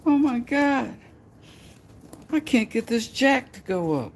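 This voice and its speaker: A man putting on a falsetto voice as a helpless, fussy woman who begs for a strong man's help. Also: sing-song, slow pace, full character voice. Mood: mock pleading. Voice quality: shrill falsetto. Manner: exaggerated mock pleading. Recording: noisy background ambience.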